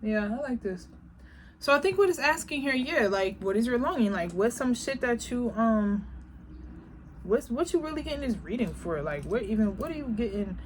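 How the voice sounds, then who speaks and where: A woman giving a casual tarot reading, talking bluntly and profanely, animated and laughing often. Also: on the high side, moderate pace. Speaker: tarot reader. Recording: background noise.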